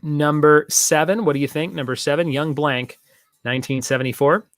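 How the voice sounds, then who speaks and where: A man's voice: a little high, moderate pace, fairly bright tone, dry recording. A man hosting a casual online trivia night, chatting in long rambling asides and repeating each question. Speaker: trivia host.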